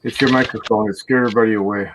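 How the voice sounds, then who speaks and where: A man's voice: lowish voice, steady tone, rapid-fire, noisy background. A man chatting on a live stream, teasing and playful. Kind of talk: casual live-stream chat.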